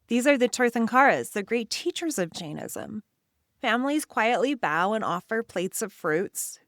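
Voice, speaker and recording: A woman hosting and narrating an imaginative guided story and quiz for children, speaking in an expressive second-person voice. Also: medium pitch, dry recording, clean studio sound. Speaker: children's show host and narrator.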